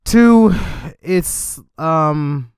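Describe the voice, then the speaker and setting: Relaxed male podcast host, smooth voice. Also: on the high side, no echo, studio quality. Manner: relaxed, halting, with fillers. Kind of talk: casual conversation.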